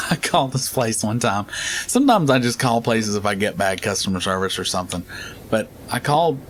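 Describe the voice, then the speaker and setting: A man's voice: fairly low pitch, expressive, normal speed. A middle-aged man chatting casually while playing a game, rambling through stories and laughing often. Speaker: gaming channel host.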